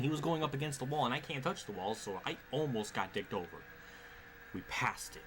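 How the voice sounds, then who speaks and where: A man's voice: medium pitch, brisk, slight background noise. A man streaming a racing game, cursing at the game and muttering under his breath. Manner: frustrated, profane, swearing often at the game. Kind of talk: live gameplay commentary.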